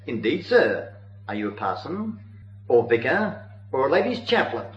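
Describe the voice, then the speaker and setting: A man reading the lines of a calm, pious Christian who questions with quiet irony, in a dull, roomy old recording. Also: mid-range voice, normal speed, natural voice. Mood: ironic. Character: calm, pious adult male Christian, ironic.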